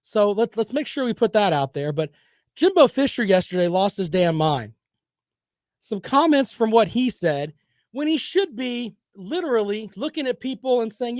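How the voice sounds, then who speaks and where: A man's voice: sits high, big pitch swings, moderate pace, a little mellow, no room sound, studio quality. A man hosting a sports talk show, delivering opinionated, sarcastic commentary in a combative, rambling way.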